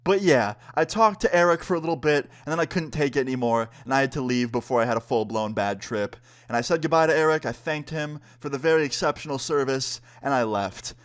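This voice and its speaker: A relaxed young man recounts a wild personal story in a casual storytime style. His voice sits in an ordinary middle pitch, and he slips into quick impressions of the people he quotes. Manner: laid-back, acts out quotes of friends.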